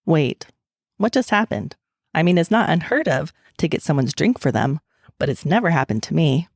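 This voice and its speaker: A woman's voice: low voice, lively intonation, normal speed, a little mellow, no room sound. Chatty woman author, dry close sound. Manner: chatty and candid, laughs easily. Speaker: author and guest. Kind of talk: casual chat, then reading her novel aloud.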